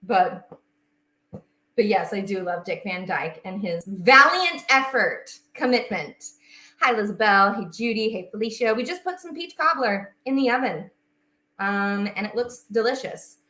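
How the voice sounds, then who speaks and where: Bright, slow-talking chatty woman. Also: medium pitch, lively intonation, reverberant, low-quality recording. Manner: chatty, reads out viewer comments. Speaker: livestream baking host. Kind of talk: casual livestream chat while baking. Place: home kitchen.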